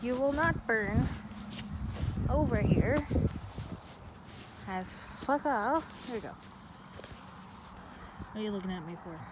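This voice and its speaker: Casual vlogger, slow easy delivery, playful with the dog; outdoor phone audio with clear background noise. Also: medium pitch, animated. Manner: playful, laughing, swears casually. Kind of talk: casual vlog, talking to a dog. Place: outdoors in a yard by a fire. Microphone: phone held in hand. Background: dog moving about, outdoor ambience.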